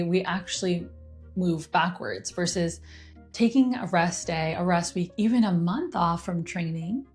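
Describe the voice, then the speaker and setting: A woman's voice: medium pitch, darkish tone. A woman talking through a weekly astrology forecast in a chatty, conversational way, acting out inner voices as she goes.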